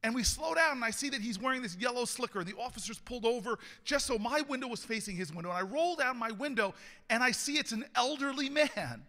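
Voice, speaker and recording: A high-voiced man with a sharp, bright tone delivers a rousing political speech. He tells his story with frequent laughs and climbs to shouted rallying calls. His voice rings out with a long echo through a large hall. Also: lively intonation, quick pace. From United States. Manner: laughs often between lines. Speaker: mayor giving a political speech.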